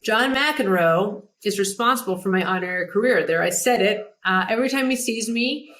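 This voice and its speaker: A middle-aged woman hosting a podcast and telling career stories in a relaxed, animated way. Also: normal speed. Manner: animated, mimics others in a higher pitch. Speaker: podcast host. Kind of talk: casual storytelling chat.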